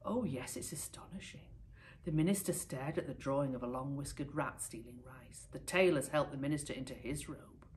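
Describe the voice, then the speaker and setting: Low-voiced teacher reading a storybook. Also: female voice, a little fast, few pauses, a little hiss or hum. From United Kingdom. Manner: expressive, lively storytelling. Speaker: primary school teacher. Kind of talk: reading a picture book aloud to pupils.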